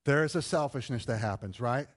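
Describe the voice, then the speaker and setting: A middle-aged male pastor giving an animated, conversational sermon full of rhetorical questions. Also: mid-range voice, fairly quick.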